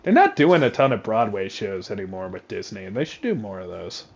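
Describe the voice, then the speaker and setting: A man chatting casually on a livestream, excitable and joking, rambling from thought to thought at a desk mic. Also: fairly low pitch, fairly quick, creaky, husky. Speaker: streamer.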